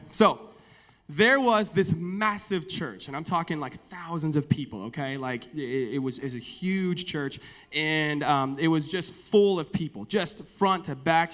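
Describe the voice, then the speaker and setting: A youth pastor preaches in a loose, joking way, chatting with the congregation and spinning a funny story. His man's voice sits on the higher side. The long reverb of a church sanctuary hangs behind every phrase. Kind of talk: comedic sermon.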